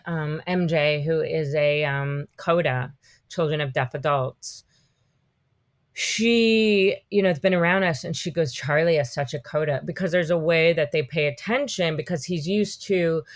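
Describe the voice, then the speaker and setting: A woman in her fifties, a podcast guest, telling animated, rambling stories in a casual interview. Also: on the low side. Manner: animated, rambling storytelling full of "like".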